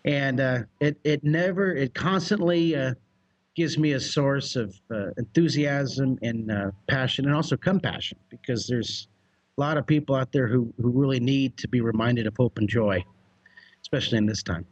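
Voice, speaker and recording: An American man, a drawing teacher, telling a story as a guest with exuberant energy, laughs and shouted sound effects. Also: medium pitch, normal speed, muffled recording. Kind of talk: animated storytelling.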